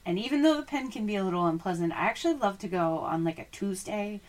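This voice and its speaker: A woman's voice: medium pitch, expressive, fast talker. A woman hosting a casual sports podcast, chatty, laughing easily and reading out listener questions. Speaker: podcast host.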